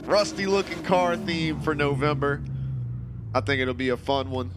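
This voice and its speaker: A man's voice: fairly high pitch, level tone, normal speed. Tired man streaming, noisy background. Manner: laid-back, chatty, reads chat aloud. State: tired, yawning. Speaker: streamer hosting a racing game community. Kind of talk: casual live-stream chat.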